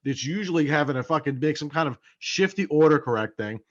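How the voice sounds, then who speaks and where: A man's voice: a little high, lively intonation, fast talker, lo-fi sound. A man co-hosting a casual sports podcast, swearing freely and repeating points for emphasis. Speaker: podcast co-host.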